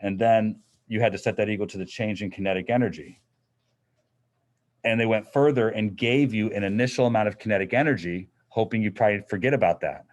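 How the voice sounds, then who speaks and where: A man's voice: on the low side, a little mellow. A middle-aged man teaching a physics class in a classroom, explaining in a casual, conversational way. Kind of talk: classroom lecture.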